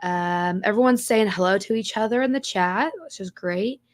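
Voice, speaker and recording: A woman co-hosting a live podcast, her voice slightly hoarse as it recovers, casually reading out greetings from the chat. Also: mid-range voice, normal speed. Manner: reads chat names aloud with repeated greetings and laughs. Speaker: podcast co-host.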